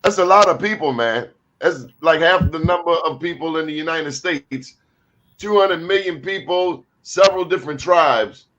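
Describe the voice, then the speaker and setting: High-pitched emphatic male talk show host. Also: normal speed, dull audio. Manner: animated, preachy, emphatic asides.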